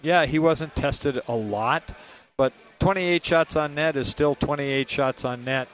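Man giving relaxed hockey analysis. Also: on the high side, unhurried, a little hiss or hum. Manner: relaxed, rambling, chuckling. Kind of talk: post-game radio analysis.

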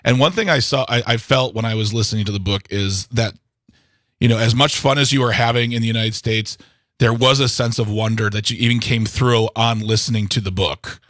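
A man's voice: medium pitch, brisk, fairly bright tone, no room sound, studio quality. Effusive male radio co-host. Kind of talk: radio interview.

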